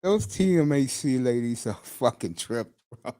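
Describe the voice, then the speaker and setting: A middle-aged man hosts an easygoing morning chat stream, speaking in loose slang and breaking into laughter between remarks. His voice is dark and mellow, sitting at an ordinary middle pitch. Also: expressive, moderate pace. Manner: laughs often, loose slangy banter with listeners. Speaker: host of a morning talk show. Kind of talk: casual live-stream chat.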